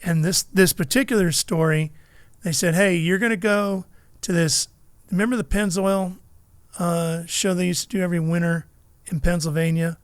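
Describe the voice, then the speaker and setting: A man's voice: high voice, normal speed, smooth, no room sound. A middle-aged man, a motorsports broadcaster, telling stories in a casual chat and acting out the people he quotes. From California. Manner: animated storyteller, acts out quotes.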